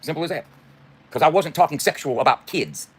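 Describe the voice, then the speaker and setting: A man's voice: a little high, lively intonation, fairly quick, slightly rough. A middle-aged man delivering a heated, profane, confrontational livestream rant.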